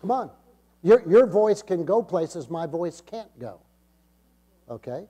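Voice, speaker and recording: A male pastor preaching a sermon, swelling up for emphasis and then dropping his voice low. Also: big pitch swings, slow, dark tone, husky. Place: church sanctuary.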